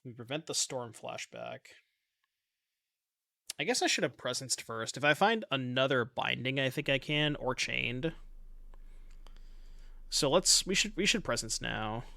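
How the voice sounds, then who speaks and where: A man's voice: mid-range voice, expressive, measured pace, gravelly, long pauses, bright, forceful tone, no room sound. A man giving casual commentary on his online card game, thinking aloud in a chatty, self-mocking way and swearing now and then.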